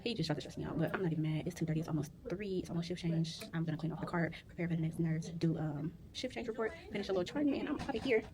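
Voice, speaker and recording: A young adult woman who works as a licensed vocational nurse, chatting casually to camera in a vlog and retelling her day in animated, quick bursts. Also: low-pitched.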